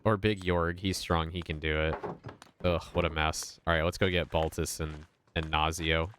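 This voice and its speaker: A man's voice: a bass voice, flat delivery, moderate pace, noisy background. A young man streaming a video game, chatting casually with crude jokes and frequent laughter. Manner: crude, jokey, laughs often.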